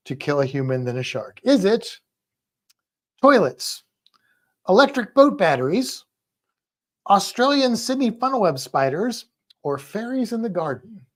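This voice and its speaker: A man co-hosting a trivia livestream, reading out questions and viewer comments in relaxed chat, laughing easily. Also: high voice, measured pace, long pauses.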